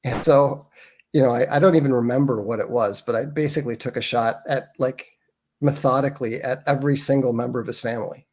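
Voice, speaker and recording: A man as a podcast guest, talking in a halting, wry way with many pauses and restarts. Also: mid-range voice, fairly even intonation, darkish tone. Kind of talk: casual interview chat.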